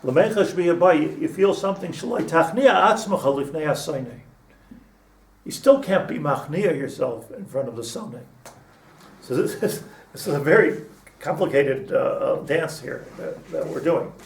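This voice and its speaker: A man's voice: fairly high pitch, expressive, normal speed, gravelly. A man teaching a casual Torah class, rambling with many restarts and mixing in Hebrew terms. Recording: echoey room, mic at a distance, faint hum.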